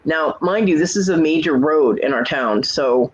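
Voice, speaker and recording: A woman's voice: sits low, lively intonation, moderate pace, muffled recording. A woman in her forties hosting a casual chat, telling stories in a loose, chatty way and acting out the back-and-forth of conversations. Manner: chatty storyteller who acts out quoted exchanges. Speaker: host.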